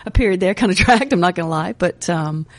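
A woman's voice: lowish voice, fast talker, dry recording. A woman in her fifties, raised in England, with a faint hybrid British-American accent, chatting as an interview guest and often laughing and restarting her sentences. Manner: relaxed, laughing, trails off and restarts. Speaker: interview guest, national team coach. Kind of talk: casual interview chat.

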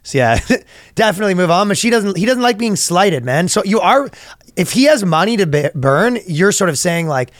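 A man co-hosting a comedy podcast, joking casually, laughing through his own bits and breaking into loud, high acted-out voices. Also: sing-song, moderate pace, dry recording, clean studio sound. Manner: acts out characters in sudden loud high bursts.

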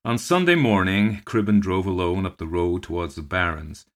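A man narrating a ghost story aloud for a podcast in a measured, steady way. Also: low-pitched.

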